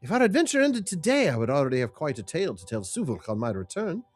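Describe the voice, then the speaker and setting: A man's voice: on the high side, very animated, quick pace, voice pushed up. A man reading a blunt, loyal warrior's quest lines in a formal, solemn way.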